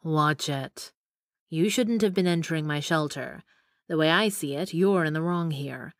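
A woman voicing a gruff male wilderness survivalist who teases and gives orders. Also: low-pitched, a little slow, dry recording, clean studio sound. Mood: stern.

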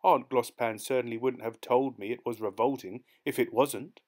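A man voicing a naive, excitable seventeen-year-old boy who speaks in a fussy, formal way. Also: medium pitch, normal speed, close to an everyday voice. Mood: eager.

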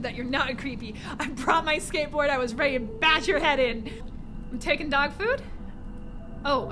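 A woman's voice: sits high, background noise. A young woman streaming a horror game live, giggling and reading the game's dialogue aloud in a playful way. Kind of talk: live gameplay commentary.

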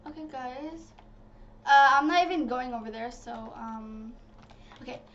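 A woman giving casual, excitable commentary while playing a video game, talking to her viewers. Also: high-pitched, a little slow. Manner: chatty and excitable, talks to viewers as "guys". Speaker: gaming channel host. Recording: slightly dull lo-fi audio with faint noise.

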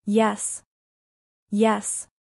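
A woman's voice: mid-range voice, monotone, extremely slow, vocal fry, darkish tone, no room sound, studio quality, full character voice. A woman voicing an earnest Russian immigrant woman who carefully works out her English word by word. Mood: excited. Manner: careful, literal, eager.

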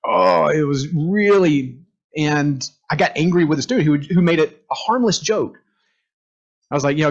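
A man leading a group class in a conversational lecture, animated, asking the room questions and acting out quotes. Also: high voice, moderate pace. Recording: dull lo-fi room recording.

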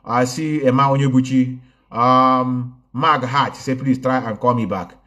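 A man's voice: medium pitch, steady tone, measured pace, sharp tone. Man hosting a casual livestream, chatty and mixing languages. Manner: code-switching, greets viewers by name. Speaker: online activist commentator. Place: indoors, recorded in a home in a city.

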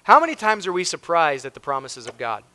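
A man's voice: on the high side, huge pitch swings, fast, sharp tone, slight background noise. An American man, a pastor preaching a sermon with emphasis, reading scripture aloud and acting out the people in the story. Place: church sanctuary.

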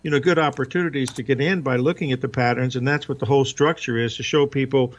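A man's voice: medium pitch, fairly even intonation, quick pace. A man speaking as a trading guest on a radio show, easygoing and full of fillers. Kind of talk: radio interview. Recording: dull lo-fi line.

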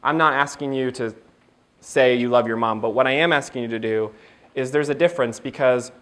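A man giving a motivational keynote speech at a training event, telling stories in an animated way, laughing often and acting out dialogue. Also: mid-range voice, a little fast. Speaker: keynote speaker.

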